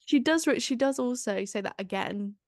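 A woman's voice: a little high, lively intonation, moderate pace, a little mellow, no echo, clean studio sound. A woman co-hosting a podcast, retelling scenes in a chatty, wry way with asides. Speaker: podcast co-host. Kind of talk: casual recap chat.

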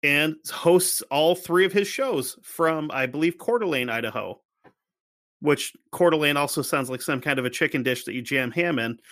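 A man's voice: a little high, lively intonation, moderate pace, a bit bright. A man co-hosting a podcast, joking around in casual chat and swearing a lot. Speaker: podcast co-host.

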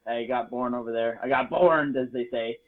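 A man from Las Vegas telling a story in a casual chat, swearing freely, joking and getting animated. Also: mid-range voice, normal speed. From Las Vegas, United States. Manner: profane, jokey and animated. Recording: tinny phone-like sound.

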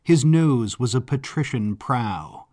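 A man narrating a story in a measured, descriptive way. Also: medium pitch, lively intonation, a little mellow. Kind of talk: scripted audiobook narration. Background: faint background music.

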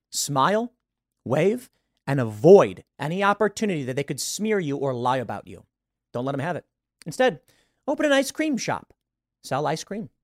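A man delivers solo commentary as a show host, emphatic and opinionated and fond of rhetorical questions. His voice sits a little higher than most men's. The sound is dry and close, with no room around it. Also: no room sound.

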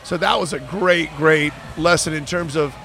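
A man with a notably high speaking voice, a working voice actor chatting casually. He tells his stories with animation and drops into voices to make a point. The sound of an outdoor street sits behind him. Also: moderate pace, vocal fry. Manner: animated storyteller, slips into character voices. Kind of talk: casual chat.

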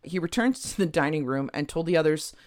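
A woman's voice: sits low, animated, a little fast, no echo, studio quality. A woman co-hosting a podcast, telling a true crime case in a casual way with frequent laughs and chatty asides. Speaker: podcast co-host.

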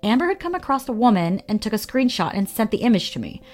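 A woman co-hosting a podcast, reading scripted narration in a measured, read-aloud way. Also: fairly high pitch, sing-song, a little mellow, faint music behind. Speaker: podcast co-host.

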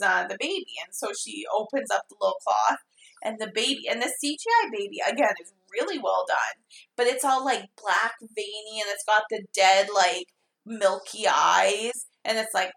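A woman with a gravelly, mid-range voice co-hosts a casual movie recap podcast, recorded with a roomy echo. She laughs often and animatedly acts out scenes, doing the characters' voices as she retells them.

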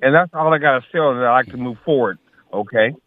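A man in his sixties calling in to a radio talk show, halting and full of filler sounds. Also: medium pitch, dry recording. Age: 60s. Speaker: caller. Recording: tinny phone line.

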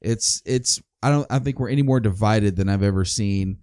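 A man in his forties speaks in a lowish voice on a casual podcast. He is easygoing and rambling, and he leans on fillers. The recording is close and dry. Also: normal speed, a little mellow, clear, resonant tone, no room sound. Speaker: podcast co-host.

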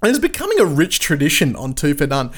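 An Australian man hosting a casual podcast, chatty and excitable, with lots of fillers and restarts. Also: fairly high pitch, brisk. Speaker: podcast host. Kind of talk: casual cricket podcast chat.

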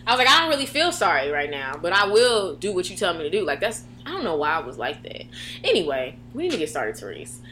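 Young woman co-host with a lively, bright voice who tells stories with animated quotes. She leaps up high to act out what she said as a kid. A faint hum sits under the recording. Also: fast talker. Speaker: podcast co-host. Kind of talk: casual chat.

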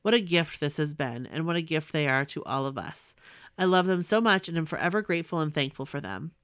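Woman, 40s, earnest story reader, lower pitch, smooth and clear voice, dry close mic. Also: expressive, brisk, fairly bright tone, no room sound. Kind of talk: reading a personal letter aloud.

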